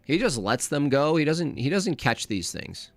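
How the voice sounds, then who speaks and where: A man's voice: on the high side, sing-song, normal speed, dry recording, faint music behind. A man hosting a live reaction stream, his talk combative and openly scornful. He slips into silly mimicking voices to mock the people he argues against. The sound is dry and close, with no room around it.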